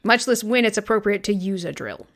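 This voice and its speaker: A woman's voice: medium pitch, expressive, fairly quick, a bit bright. A woman in her thirties from Vermont, co-hosting a podcast in casual, rambling chat, swearing freely and stressing her words. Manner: rambling, profane, emphatic. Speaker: podcast co-host.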